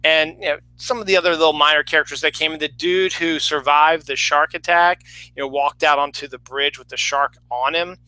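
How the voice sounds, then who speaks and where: Rambling bright-voiced man reviewing a film. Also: fairly high pitch, steady tone, brisk, smooth, no echo, rough recording. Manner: rambling, many fillers and restarts. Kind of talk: casual spoken film review.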